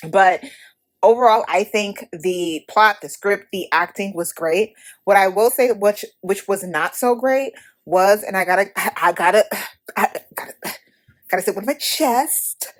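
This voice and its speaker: A Haitian-American woman hosting a podcast, giving a blunt, profane, animated movie review in casual talk. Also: mid-range voice, a little slow. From United States. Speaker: podcast host.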